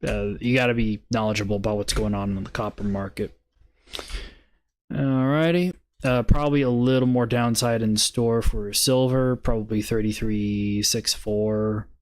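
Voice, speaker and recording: A man's voice: lowish voice, steady tone, moderate pace. A man hosting a casual trading live stream, laid-back and muttering, breaking into swearing laughter.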